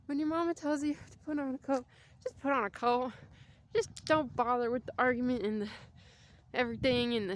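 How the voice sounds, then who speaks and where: A woman's voice: high voice, steady tone, fairly quick, slight background noise. A young adult woman vlogging outdoors on a cold winter walk, talking in a rambling, chatty way with jokey asides. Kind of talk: casual walking vlog.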